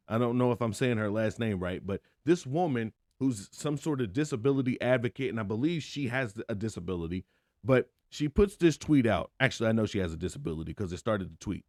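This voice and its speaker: A man's voice: mid-range voice, a little mellow, dry recording, clean studio sound. A man hosting a podcast, giving an opinionated solo monologue in an emphatic, conversational way, full of rhetorical questions. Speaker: podcast host.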